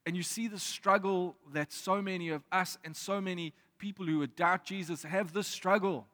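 A man preaching a sermon in a reflective way, reading scripture aloud with pauses. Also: high-pitched, steady tone, pushed and bright. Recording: long reverb of a hall.

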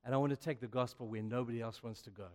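In a hall with long reverb, an older preacher tells sermon stories very fast in a mid-range voice. His energy builds as he animatedly acts out dialogue, his voice climbing.

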